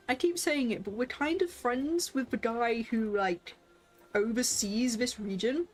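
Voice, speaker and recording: A woman's voice: fairly high pitch, animated, moderate pace, faint music behind. A woman streaming a game, chatting playfully with viewers and reading character lines aloud with lots of laughter.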